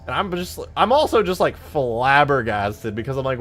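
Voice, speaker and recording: A young man chatting casually on a live stream while modding a game, laid-back, breaking into animated storytelling. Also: medium pitch, normal speed, few pauses. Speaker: streamer and modder.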